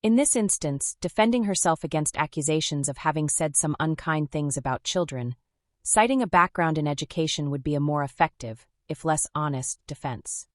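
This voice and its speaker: A woman reading scripted documentary narration in a measured, wry, dry manner. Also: deep voice, animated, no echo. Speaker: commentary narrator.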